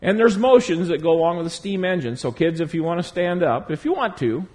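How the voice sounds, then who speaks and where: A man preaching a sermon to a congregation in a church, emphatic, drawing out key words slowly. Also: on the high side, expressive, a little mellow. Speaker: pastor.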